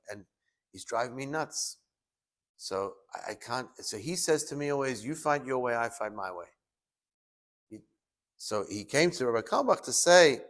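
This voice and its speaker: Male rabbi, sermon delivery, animated storyteller who acts out the voices he quotes. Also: fairly low pitch.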